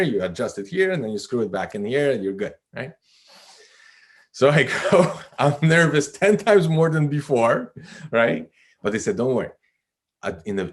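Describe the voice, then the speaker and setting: Low-voiced man telling a story. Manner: animated, self-deprecating, laughs often. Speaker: guest. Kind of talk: storytelling in a podcast interview.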